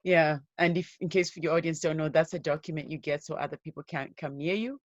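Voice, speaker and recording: A woman giving an interview as a guest, telling her own life story in an earnest, steady way. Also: sits low, fast, no echo, lo-fi sound. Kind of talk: personal story told in an interview.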